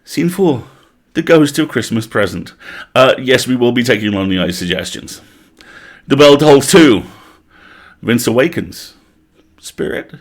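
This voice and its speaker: A man's voice: mid-range voice, expressive, measured pace, pauses often. A man reading a comic parody story aloud on a live stream, playful, stopping now and then to laugh and comment.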